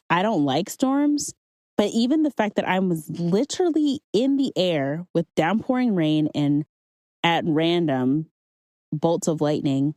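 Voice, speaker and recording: Low-voiced woman sharing earnest testimony. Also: darkish tone, no echo. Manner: earnest, conversational, faith-centered encouragement. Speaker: podcast host. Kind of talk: personal testimony monologue.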